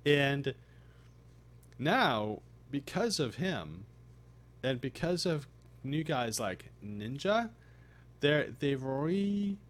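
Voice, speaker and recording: A tired, groggy man chatting casually on his live stream, rambling with halting restarts. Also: mid-range voice, very animated. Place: home streaming setup.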